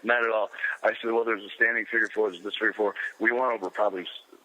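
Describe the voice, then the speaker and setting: A man's voice: on the low side, flat delivery, fast talker, bright, forceful tone, low-quality recording. A man bluntly telling his side of a wrestling story in casual talk. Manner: blunt, defensive. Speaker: pro wrestler.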